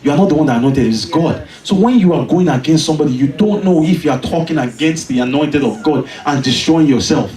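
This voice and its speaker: A man preaching a sermon, telling a personal story with animated delivery and emphatic peaks. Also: fairly high pitch, brisk, few pauses, reverberant, distant mic, poor audio. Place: church.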